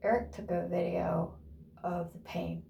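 A woman's voice: lowish voice, fairly even intonation, a little slow, creaky, mellow, a little hiss or hum. A woman talking casually to camera in a rambling, chatty way, laughing often and sometimes dropping to a whisper. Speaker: vlogger. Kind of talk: casual vlog chat.

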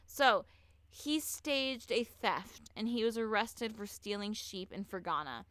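A woman hosting a podcast, telling a true-crime story in casual chat, animated and swearing freely as she acts out what people said. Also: medium pitch, unhurried, no room sound. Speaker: podcast host.

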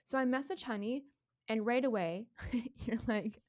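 A woman in her thirties telling a story in casual chat, animated, swearing freely and laughing often. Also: on the high side, measured pace. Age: 30s.

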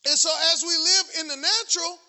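A middle-aged man preaching in a very high, piercingly bright voice, climbing into shouts and hammering the same phrases again and again. His sermon rings out with a long reverb in a church hall. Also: fairly quick. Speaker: pastor.

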